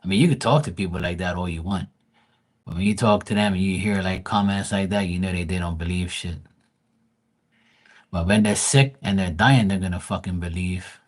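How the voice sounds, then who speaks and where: A man's voice: low-pitched, brisk. A man hosting a live tarot stream, talking casually and bluntly with plenty of swearing, and greeting chat viewers by name. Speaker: livestream tarot reader.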